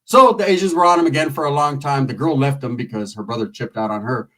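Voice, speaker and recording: A man's voice: medium pitch, fast, distant mic. A man telling a profane, comedic street story in loose slang, acting out the people in it. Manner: loose street slang, animated with lots of acted quotes.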